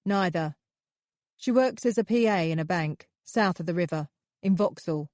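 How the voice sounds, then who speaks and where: A detached, patronizing male police officer, read by a woman narrator, delivers clipped, matter-of-fact lines. Her voice is lowish and mellow, and the recording is dry and close. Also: moderate pace, dry recording, natural voice.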